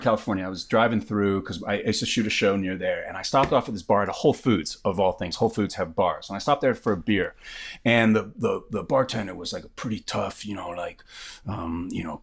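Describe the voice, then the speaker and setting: A man telling lively anecdotes as a guest, jumping into other people's voices as he goes. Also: deep voice, a little fast, creaky, husky. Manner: animated storyteller, jumps into voices of others.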